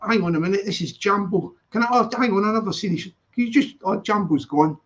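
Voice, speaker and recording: Upbeat Scottish man, high voice. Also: fast, fairly bright tone. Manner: upbeat, chatty, repeats greetings. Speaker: live stream host. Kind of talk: casual live stream chat. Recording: dull lo-fi sound.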